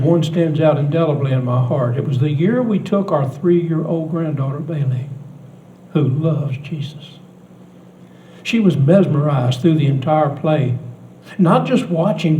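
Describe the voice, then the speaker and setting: An older man preaching a sermon in a church, telling a story earnestly, swinging between hushed and loud delivery. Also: a little high, animated, a little slow, reverberant, distant mic, highs cut off. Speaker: pastor.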